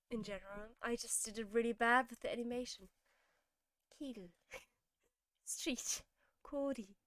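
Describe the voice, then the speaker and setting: A woman's voice: a little high, no echo. A tired young woman, chatting casually on a stream while learning Korean words, laughing often and sliding into mumbles. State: tired, sleepy. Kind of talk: casual live-stream chat.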